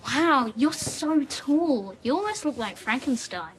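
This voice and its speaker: A woman's voice: high voice, animated, a little slow, soft background music. An actress playing a woman who mockingly teases a young boy in a film scene. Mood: teasing. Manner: teasing, mocking. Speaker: film character.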